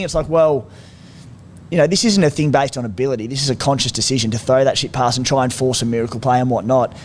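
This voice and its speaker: Man, co-host, casual footy chat, rambling, faint rumble. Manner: laid-back, rambling storytelling. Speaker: podcast co-host.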